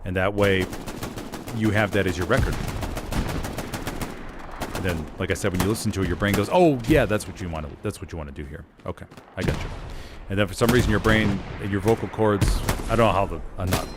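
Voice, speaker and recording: A man's voice: sits low, fairly quick, pauses often, very noisy. A man streaming a shooter game, chatting in a rambling, easygoing way and laughing at himself. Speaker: streamer and voice actor. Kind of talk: casual chat while streaming a shooter game. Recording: loud game gunfire and artillery behind.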